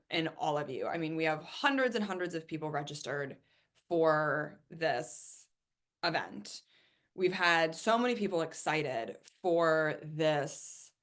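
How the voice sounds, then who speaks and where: A woman from Ohio hosting a live webinar, talking in an enthusiastic, chatty way and often repeating herself. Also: sits low. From Ohio, USA. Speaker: webinar host and coach.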